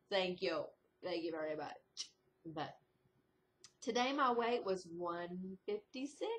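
A woman vlogger chatting casually at home in a rambling video diary, breaking into high, excited exclamations. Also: slow. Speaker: diet vlogger. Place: indoors at home.

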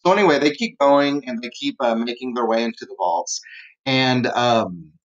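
A man's voice: medium pitch, moderate pace, lo-fi sound. A man teaching a literature lesson in a casual, rambling way, with lots of fillers as he retells a story. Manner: rambling, conversational, many fillers.

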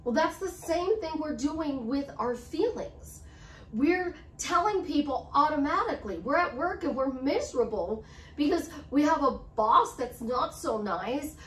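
Woman coach hyping affirmations over and over, highish voice, echoey room, mic kinda far. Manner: emphatic, repetitive affirmations. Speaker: life coach. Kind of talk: motivational talk to camera. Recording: roomy, slightly distant mic with faint hiss.

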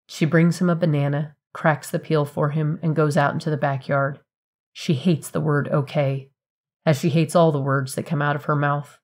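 A woman with a low voice reads a short story aloud. Her delivery is even and measured, a scripted narration with clean pacing.

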